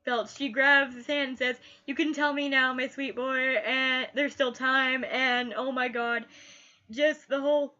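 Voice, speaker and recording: A woman's voice: high voice, steady tone, unhurried, pushed and bright, dull audio. A woman reviewing a TV episode in casual chat, gushing and often repeating her last word.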